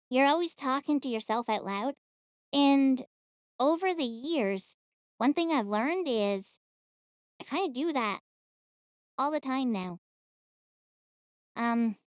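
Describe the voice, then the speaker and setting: A high-voiced woman reacting casually, slow-paced and often giggling. Her voice swings lively up and down. The sound is dry, with faint music behind. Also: no room sound. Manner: giggly and apologetic, often breaking into laughter. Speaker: YouTube reactor.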